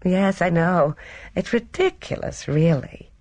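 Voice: mid-range voice, expressive, slow pace, no echo, voice pushed up. A reader voicing a sweet-voiced, affectionate elderly lady in an audiobook. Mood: fond, gently pleading. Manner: gentle, soft-spoken, breathy laughing lilt. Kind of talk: audiobook character reading.

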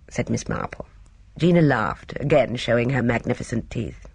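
An audiobook reader narrating a novel in an expressive, measured storytelling manner. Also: mid-range voice, breathy edge, no echo.

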